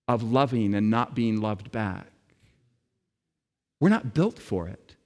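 Male preacher, slow, deliberate sermon delivery with dramatic pauses, long hall reverb. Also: mid-range voice.

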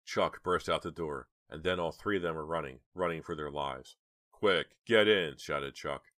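A man narrating an audiobook with measured, dramatic storytelling. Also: extremely low pitch, steady tone, a bit bright, no echo, studio quality. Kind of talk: audiobook reading.

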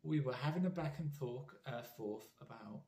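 A British man speaks at a middle pitch in an earnest, rambling way, often restarting his sentences. He delivers a heartfelt message to people he admires. His voice carries a noticeable echo from the room. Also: animated, moderate pace, dark tone. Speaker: fan vlogger. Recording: roomy echo.

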